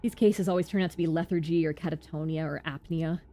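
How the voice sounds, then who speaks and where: A woman's voice: low voice, fairly even intonation, fast, mellow. Brief: precise, lecturing young medic, read by a woman streamer. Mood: dry.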